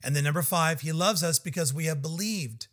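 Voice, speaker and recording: An earnest male preacher with a voice pitched a little high for a man. He works through scripture verse by verse, stressing each numbered point with emphatic, declarative delivery. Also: brisk, fairly bright tone. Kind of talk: verse-by-verse sermon.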